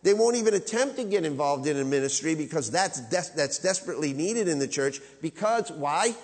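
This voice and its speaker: A man preaching in a church, his fairly high voice carrying a long reverb through the large room. He talks emphatically, climbing to loud, high peaks and then falling to quiet, low asides. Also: lively intonation, a little fast. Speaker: pastor. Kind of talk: sermon.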